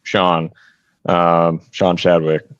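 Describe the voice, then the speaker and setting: Man, very low voice, rambling story, lots of uhs, muffled dry sound. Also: little pitch movement, extremely slow, clean tone, no echo. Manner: rambling, many "uh" and "um" fillers. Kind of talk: casual storytelling.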